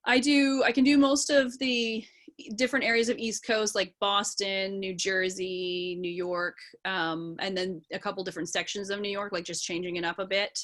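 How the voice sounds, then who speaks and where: A woman speaking on a video call with a bright, forceful voice. She explains her craft in an animated, engaged way, like an actor who coaches accents. The pitch sits in a middle range. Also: normal speed. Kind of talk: panel video chat.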